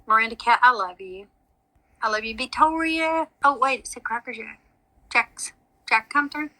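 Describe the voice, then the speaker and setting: Bright, chatty woman on a livestream. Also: fairly high pitch, moderate pace, low-quality recording. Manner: chatty and rambling, showers viewers with endearments like honey and sweetie. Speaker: psychic medium livestreaming to viewers. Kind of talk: casual livestream chat.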